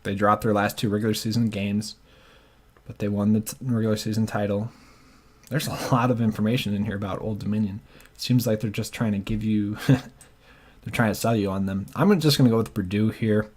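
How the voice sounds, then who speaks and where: Casual man talking through bracket picks on his own channel; low-ish voice, unhurried and hesitant. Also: steady tone, a little mellow. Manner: thinking aloud, hesitant, frequent fillers. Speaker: sports channel host.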